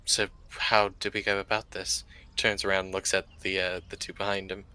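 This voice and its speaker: A man narrating actions in a tabletop game, speaking in a relaxed, hesitant way. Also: low voice, normal speed, clean tone, poor audio.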